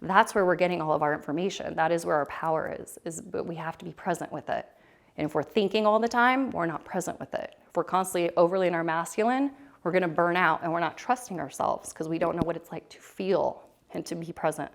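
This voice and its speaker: A woman with a slightly low voice and a gravelly, creaky edge speaks at a retreat. Her talk is loose and rambling, full of fillers and restarts. She is in her thirties. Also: quick pace. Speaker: retreat presenter. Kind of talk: casual talk to a small group. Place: retreat room.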